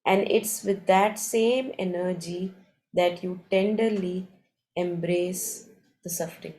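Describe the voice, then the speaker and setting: A woman leading a morning meditation, reading passages aloud and reflecting on them in a calm, unhurried, thoughtful way. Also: fairly low pitch, rough recording. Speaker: meditation session leader.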